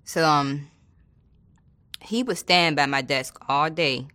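A woman with a notably low, deep voice speaks in a relaxed, colloquial way. She tells a story from her work as a corrections officer and slips into the voices of the people she quotes. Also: slow pace. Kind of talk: casual storytelling in an interview.

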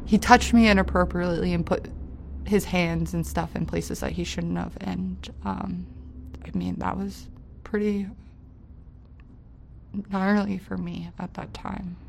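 A woman recounting a personal story in an interview, halting and hesitant with many fillers, her voice dropping quiet on painful parts and rising with anger. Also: lowish voice, steady tone, vocal fry, slight background noise. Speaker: interview guest.

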